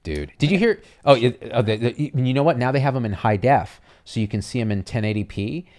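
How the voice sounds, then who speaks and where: A man co-hosting a podcast in casual chat, telling stories with playful impressions and lively energy. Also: medium pitch, a little fast. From United States. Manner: animated storyteller, playful impressions. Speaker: podcast co-host.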